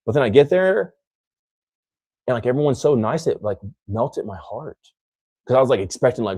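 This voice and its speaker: A man's voice: mid-range voice, animated, normal speed, long pauses, warm tone, husky, no echo, studio quality. A young man from the United States hosting a podcast, rambling in casual chat and filling his talk with "like". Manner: rambling, heavy use of "like". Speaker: podcast host.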